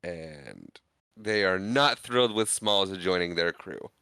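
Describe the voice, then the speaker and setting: Bright, crisp-voiced man recapping a film. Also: low-pitched, lively intonation, slow, no echo. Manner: laughs often, retells scenes with quoted lines. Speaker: podcast co-host. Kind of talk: casual movie recap chat.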